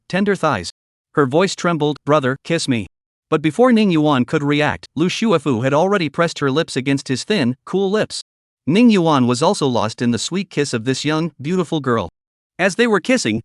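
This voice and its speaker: A man reads a comic story recap in a scripted, storytelling manner. His voice is fairly high and very animated. The recording is close and dry with no room sound. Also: no room sound. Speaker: recap narrator.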